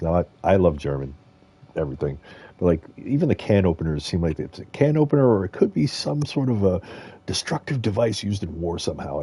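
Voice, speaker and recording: Streaming a video game, this man offers casual, rambling commentary broken up by frequent chuckles. His low voice is warm with a breathy edge.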